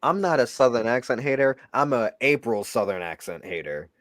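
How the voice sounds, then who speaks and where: A man's voice: mid-range voice, expressive, moderate pace, a bit bright, dry recording. A young adult man chatting casually as a shop owner, blunt and gossipy with a sassy edge. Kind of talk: casual chat.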